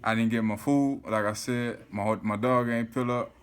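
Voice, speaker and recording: With a smooth, mid-range voice at a normal speed, the South Florida vlogger animatedly tells a story straight to camera. He cusses frequently and repeats "you feel me" again and again.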